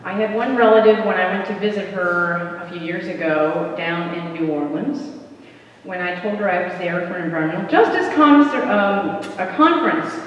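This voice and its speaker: A woman in her fifties from the American South, giving a measured, deliberate talk as a panel speaker in a church, pausing for emphasis. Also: on the low side. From American South, North Carolina. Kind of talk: prepared talk at a church program. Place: large church hall. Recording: dull echoey hall recording from far off.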